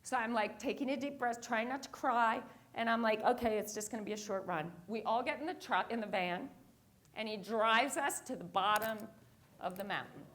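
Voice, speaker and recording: A woman's voice: a little high, moderate pace, fairly bright tone. A woman giving a motivational talk on stage, telling a story and acting out her own reactions. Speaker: keynote speaker. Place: conference stage.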